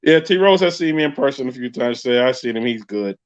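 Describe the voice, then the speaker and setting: A man with a New York accent hosting a casual live podcast, telling stories in an animated, joking way. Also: mid-range voice, a little fast. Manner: animated storytelling with frequent laughs. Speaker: podcast host. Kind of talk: casual live-stream chat. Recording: muffled lo-fi live stream audio.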